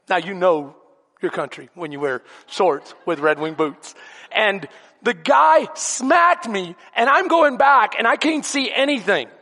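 High-voiced Texan pastor in a reverberant church. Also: male voice, fairly bright tone. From Texas. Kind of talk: sermon.

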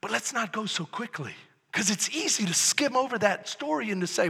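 A male pastor preaching a sermon, impassioned, swinging from shouted peaks to low, hushed lines. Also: lively intonation, brisk, slightly rough, in a large hall.

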